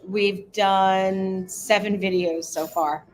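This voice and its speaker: A middle-aged woman co-hosting a casual travel livestream, chatting warmly with viewers by name and rambling through small details. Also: mid-range voice, fairly even intonation, slow, a little hiss or hum, rough recording. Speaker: cohost of a cruise travel livestream. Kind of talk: casual live chat reading viewer comments.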